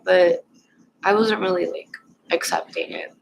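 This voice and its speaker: A young woman vlogger casually telling a personal story at home, rambling and halting with lots of fillers. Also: medium pitch, vocal fry, slight background noise, low-quality recording.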